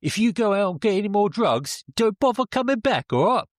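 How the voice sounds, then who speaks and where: A man's voice: high-pitched, sing-song, brisk, no echo, clean studio sound, voice pushed up. A man putting on the voice of a blunt, fed-up girlfriend who scolds her partner, in a casual podcast. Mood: scolding. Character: blunt working-class woman, fed-up girlfriend.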